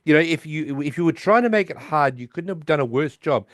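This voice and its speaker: A man voicing a fussy, pedantic nerd physicist in a prim, insistent way, his voice pitched higher than his own. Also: lively intonation, fairly quick, fairly bright tone, no room sound, studio quality.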